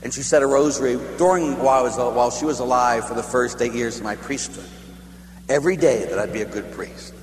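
A priest speaks a little fast at a medium pitch as he gives a retreat talk. He tells a personal story, acting out quotes and raising his emphasis, and the recording has long reverb and a faint hum from an echoey hall.

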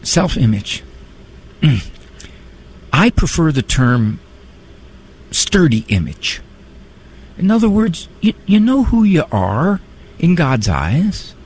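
A man's voice: on the high side, big pitch swings, slow, pauses often, a little mellow, breathy edge. A middle-aged man hosting a call-in radio show, talking in a conversational, wry way with preachy asides. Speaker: radio call-in host and psychologist. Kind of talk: talk-radio monologue.

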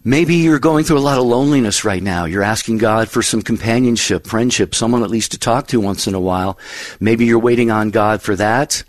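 A man's voice: lowish voice, no echo. A man hosting a call-in radio show, talking earnestly and encouragingly with callers. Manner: earnest, encouraging, repeats phone number slowly.

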